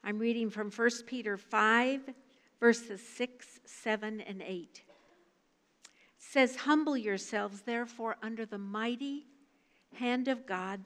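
An older woman giving a devotional talk, reading scripture and telling a personal story in an earnest, measured way. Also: on the high side. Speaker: devotional speaker. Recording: long hall reverb.

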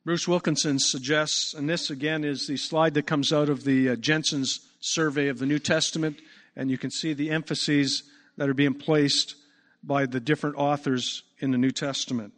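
A man preaching a sermon, emphatic, stretching key words out slowly. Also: fairly high pitch, steady tone, a bit bright. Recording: long reverb.

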